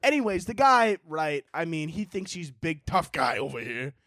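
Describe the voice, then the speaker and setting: Animated high-voiced podcast host. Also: male voice, normal speed, no echo, clean studio sound. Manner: animated, profane, laughs often, acts out both sides of a story. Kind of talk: casual solo podcast storytelling.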